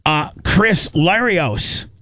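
A man's voice: high-pitched, lively intonation, extremely slow, sharp tone, no room sound. A man hosting a radio show in his studio, rambling and stammering through emotional casual banter. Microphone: studio microphone.

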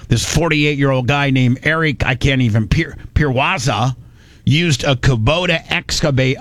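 Here a male radio host speaks at medium pitch with no room sound in the background. His casual talk radio banter is full of jokes, and he frequently starts over or fixes what he just said.

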